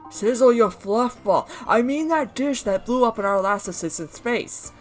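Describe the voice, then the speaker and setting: Woman playing a bossy, loud male head chef. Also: fairly high pitch, animated, normal speed, faint music behind, natural voice. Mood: shouting. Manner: bossy and brusque.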